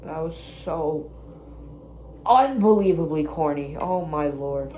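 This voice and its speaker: A woman's voice: deep voice, lively intonation, takes it slowly, dark tone. A woman casually reacting to her own songs, blunt, self-critical and swearing freely. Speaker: musician reacting to own album. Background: own music playing clearly.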